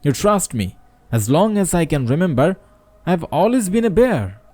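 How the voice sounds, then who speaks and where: A man's voice: a little high, big pitch swings, moderate pace, warm tone, voice pushed up. A man with a Bangladeshi accent voicing a bewildered, stubborn male bear who pleads and insists, in a storybook reading. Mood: pleading.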